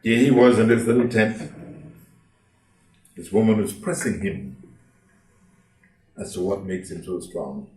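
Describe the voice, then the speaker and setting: A man's voice: fairly low pitch, fairly even intonation, unhurried, pauses often, a little mellow. A man preaching a sermon to a congregation, telling the story dramatically and asking them rhetorical questions. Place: church hall. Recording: roomy hall, from a distance.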